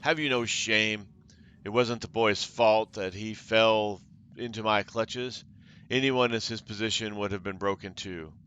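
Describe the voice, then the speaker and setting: A man's voice: fairly low pitch, normal speed, bright, forceful tone, dull audio, slight background noise. A man voicing a cruel, taunting female cult leader while reading game dialogue aloud, with mocking theatrical delivery.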